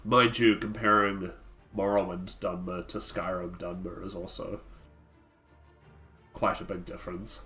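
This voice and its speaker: Casual male streamer, lowish voice, rambling and filler-heavy, faint music behind. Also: little pitch movement, a little slow, long pauses, pushed and bright. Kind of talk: casual live-stream chat while playing.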